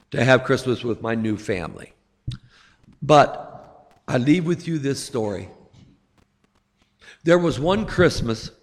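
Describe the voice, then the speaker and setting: A middle-aged man preaching a sermon to a congregation, slow and emphatic with dramatic pauses. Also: mid-range voice. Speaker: pastor. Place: church sanctuary. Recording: long hall reverb.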